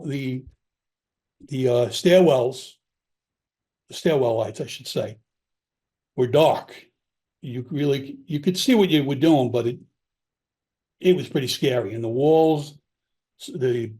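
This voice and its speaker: A man's voice: medium pitch, mellow. A man, a former police officer, telling stories from his career in casual conversation. He talks candidly, often restarting his sentences and acting out the dialogue. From Long Island, New York. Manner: candid, rambling, with frequent restarts and quoted dialogue. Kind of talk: casual storytelling.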